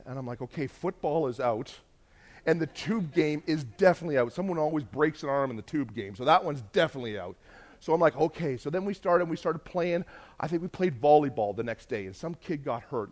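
A man preaching a sermon, telling a lively mission-trip story and acting out the other people's voices. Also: on the high side, brisk. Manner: animated, acts out quoted voices, laughs while telling.

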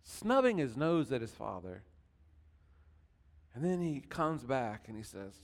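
A man's voice: mid-range voice, sing-song, a little slow, long pauses, long reverb tail. A male pastor preaching a sermon in a conversational, folksy way with asides to the congregation.

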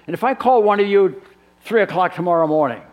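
Male pastor, sermon delivery, lively swinging pitch, faint mains hum. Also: fast talker, dull audio. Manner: animated preacher acting out dialogues.

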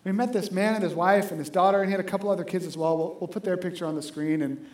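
A male pastor races through a lively sermon in a high voice, chatting with the congregation and repeatedly asking "right?" The recording is roomy, suggesting a large echoing sanctuary.

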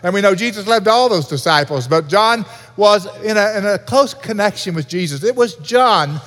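A pastor delivering an earnest sermon in a church, repeating key points for emphasis. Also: male voice, high-pitched, lively intonation, moderate pace, a bit bright. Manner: earnest preaching with repetition. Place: church sanctuary. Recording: reverberant hall.

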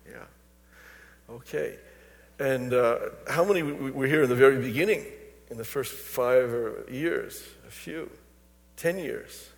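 An older man, a pastor, preaching a sermon and telling personal stories to his congregation. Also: mid-range voice. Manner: storytelling, personal anecdotes. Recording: long reverb of a large hall.

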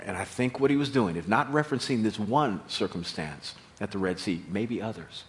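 A man preaching a sermon, telling the story with animated delivery, acted-out voices and repeated words. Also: on the low side, moderate pace, hardly any pauses.

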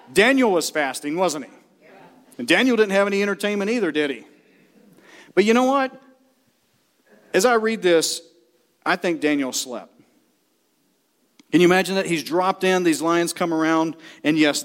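A middle-aged man preaching a sermon, shouting and emphatic, acting out the people in the story. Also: fairly high pitch. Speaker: pastor.

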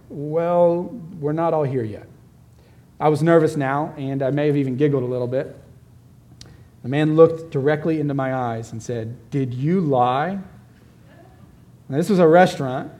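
Slightly high-voiced male preacher. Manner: animated storyteller who turns quiet and gentle at the close. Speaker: pastor. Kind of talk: sermon with storytelling.

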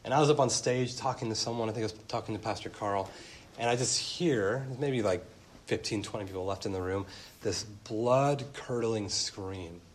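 A man in his thirties preaching a sermon as pastor, animated, speeding up and slowing down and rising to loud emphatic peaks. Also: lowish voice, slight background noise. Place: church.

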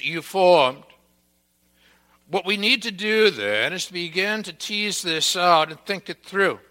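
A male pastor delivering a sermon at an unhurried, measured pace. His voice sits a little high for a man and has a bright, forceful edge. He lands his emphasis firmly on repeated words, building point by point. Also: big-room sound. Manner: deliberate, emphatic preaching with stressed repeated words.

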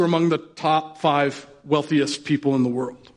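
A man's voice: a little high, fairly even intonation, normal speed, hardly any pauses. A male pastor delivers a sermon with a slightly raised voice, talking like he is chatting with friends. He jokes and keeps asking his listeners questions. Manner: casual and joking, asks the audience questions. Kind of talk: conversational sermon.

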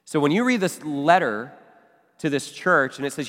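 A man's voice: fairly high pitch, big pitch swings, moderate pace, fairly bright tone. A man preaching a teaching sermon in a church, talking conversationally and checking in with the listeners. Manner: conversational teaching with asides and questions. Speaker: pastor. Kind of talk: expository sermon. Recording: long hall reverb.

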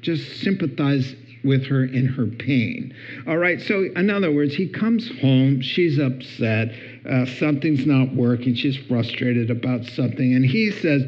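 A middle-aged man giving a humorous talk on marriage, lively and acting out little scenes in different voices. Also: normal speed. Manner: animated, acts out voices with big pitch jumps. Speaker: speaker on marriage. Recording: dull lo-fi recording.

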